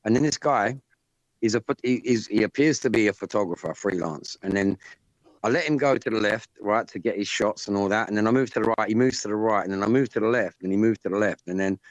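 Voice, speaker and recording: A man hosting a live stream and telling a story in a rambling, profane, animated way. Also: lowish voice, fast, no echo, rough recording. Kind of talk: casual chat.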